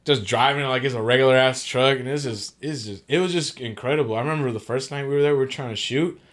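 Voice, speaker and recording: A man with a medium-pitched voice talks quickly as a podcast guest, telling travel stories in casual, slangy chat. He swears freely and acts out what people said in animated voices.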